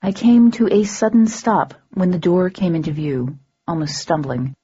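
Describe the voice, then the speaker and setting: A woman narrating an audiobook in the first person, her voice low and mellow with a husky grain. She keeps a dry, wry, matter-of-fact delivery, and the recording sounds slightly dull and muffled. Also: normal speed.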